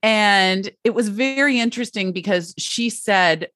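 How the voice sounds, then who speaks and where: A woman's voice: mid-range voice, unhurried, hardly any pauses, fairly bright tone, no room sound, clean studio sound. A woman giving parenting advice in a casual, chatty way, full of fillers and asides.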